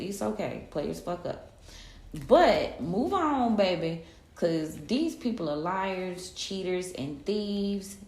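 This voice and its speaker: A woman's voice: fairly low pitch, darkish tone, reverberant. A woman giving a casual collective tarot reading, talking in a loose, slangy pep-talk way. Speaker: tarot reader.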